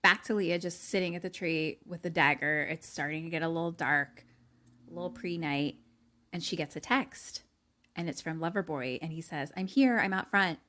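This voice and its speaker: A young woman co-hosting a casual podcast, retelling a film scene by scene and acting out the characters' lines, with many fillers. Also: moderate pace. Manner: animated storytelling, acts out lines in a higher voice, many "like" fillers. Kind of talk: casual chat.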